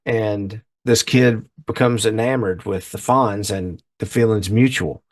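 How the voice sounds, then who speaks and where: This middle-aged podcast co-host has an unhurried, low-ish voice. In casual chat on the recording, he walks through a story scene by scene, voicing each character himself.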